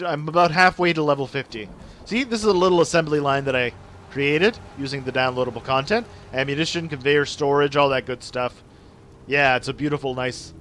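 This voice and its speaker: A young Canadian man streaming gameplay live, chatting excitedly with viewers and apologizing a lot. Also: a little high.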